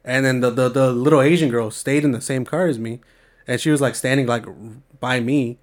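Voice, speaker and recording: Telling a story in a casual chat, a young adult man from the San Francisco Bay Area sounds laid-back and slangy and swears frequently. He uses a mid-range voice with fairly even intonation, going a little fast.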